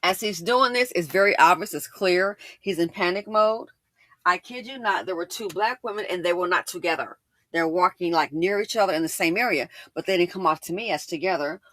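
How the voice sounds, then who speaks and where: A woman's voice: fairly low pitch, a little fast, a bit bright, no room sound. A woman host telling a storytime in casual, emphatic commentary, often repeating lines for effect.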